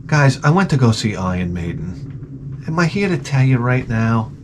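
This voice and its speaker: A man's voice: medium pitch, very animated, normal speed, background noise. Rambling, foul-mouthed male host. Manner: profane, rambling, self-mocking storytelling with stammered restarts. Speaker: show host. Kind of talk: casual comedic rant.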